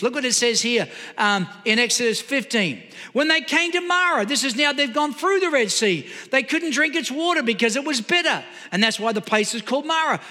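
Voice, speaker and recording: A man preaching with a very high, piercing bright voice. He presses his points hard and keeps asking the crowd rhetorical questions. His words ring out with a long hall reverb. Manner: emphatic, asks the audience rhetorical questions. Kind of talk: sermon.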